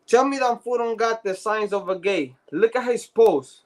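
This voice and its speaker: A man's voice: high-pitched, normal speed. A man telling stories in casual podcast chat, profane and slangy, laughing often. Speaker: podcast co-host.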